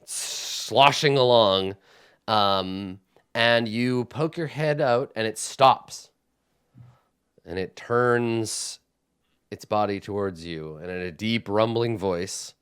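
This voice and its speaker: A man narrating a tabletop game as game master, unhurried and searching for words as he describes. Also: lowish voice, a bit bright, clean tone. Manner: unhurried, with many fillers and restarts while describing.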